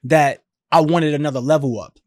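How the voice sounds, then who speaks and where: Animated man telling his story. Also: on the high side, moderate pace, no room sound, clean studio sound. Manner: animated, emphatic, slangy storytelling. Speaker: podcast guest. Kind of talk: casual storytelling.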